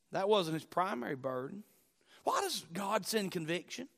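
A man preaching a sermon, repeating key phrases and moving between loud declarations and hushed, low lines. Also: very animated, normal speed, creaky. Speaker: pastor.

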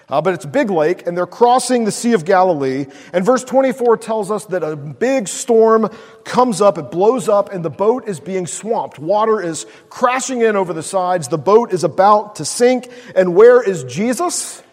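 A man's voice: sits high, darkish tone. A male pastor preaching a sermon in a casual storytelling way, full of "like" and "uh". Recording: long hall reverb.

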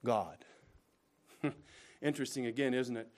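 Man, pastor preaching, mid-pitched voice, rises to emphatic bursts, sinks to hushed slow asides, rhetorical questions. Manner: addresses listeners directly with rhetorical questions. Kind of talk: preaching a sermon.

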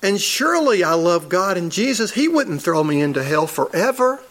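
Higher-pitched man preaching a sermon. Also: very animated, normal speed, fairly bright tone. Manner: conversational storytelling, chuckles at his own stories. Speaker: church elder.

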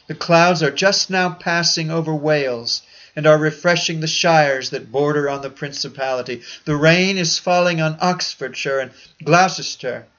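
A man preaching a sermon in a solemn, measured oratorical manner with old-fashioned phrasing. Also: on the high side, fairly bright tone. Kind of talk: sermon reading. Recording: dull lo-fi recording.

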